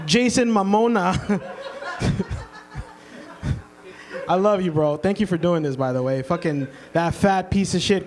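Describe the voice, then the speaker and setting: A man in his thirties, the birthday guest at a comedy roast, crude and rambling as he laughs through his jokes. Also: high-pitched. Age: 30s.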